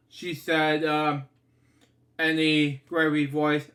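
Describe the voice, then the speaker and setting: A man reads a children's picture book aloud in a casual, unpolished way. He stumbles over words and keeps stopping to comment and apologize to his listeners. His voice sits high and his pace is slow and unhurried. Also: steady tone, bright, forceful tone. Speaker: storybook reader.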